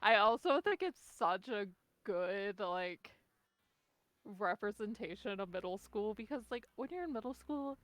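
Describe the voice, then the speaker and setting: A young adult woman co-hosting a podcast in casual chat, relaxed and laughing often. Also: mid-range voice, measured pace, no room sound. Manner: relaxed, laughs often, uses filler words. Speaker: podcast co-host.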